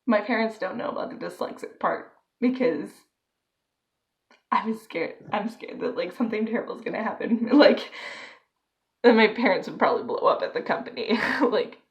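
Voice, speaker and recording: A woman's voice: mid-range voice, lively intonation, normal speed. A young woman telling a story on her vlog, rambling and filling her talk with "like.". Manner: rambling, filler-heavy with constant "like". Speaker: vlogger.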